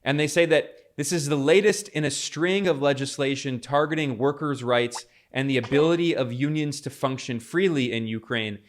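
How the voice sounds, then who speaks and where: A man's voice: mid-range voice, moderate pace, few pauses. A man delivering a polemical political commentary monologue, emphatic, with frequent restarts.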